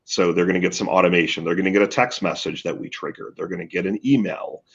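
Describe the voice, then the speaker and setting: Gravelly man coaching, dull lo-fi audio. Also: low-pitched, fairly even intonation, quick pace. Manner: explanatory, coaching. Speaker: marketing guest expert. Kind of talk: video call interview.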